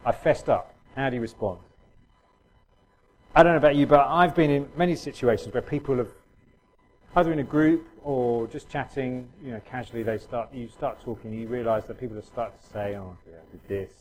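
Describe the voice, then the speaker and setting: A man's voice: mid-range voice, darkish tone, poor audio. A middle-aged man preaching a sermon in a conversational way, full of restarts and fillers.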